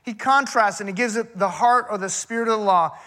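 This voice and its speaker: Bright-voiced folksy preacher. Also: mid-range voice, a little fast. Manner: folksy and conversational, addressing the congregation directly; emphatic, rhetorical questions and repetition. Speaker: pastor. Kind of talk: sermon.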